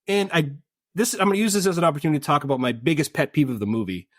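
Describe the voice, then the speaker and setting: A man co-hosting a casual movie podcast, talking in an animated way, laughing often and acting out characters' lines. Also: a little high, rapid-fire, dry recording, clean studio sound. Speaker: podcast co-host. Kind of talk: casual film review chat.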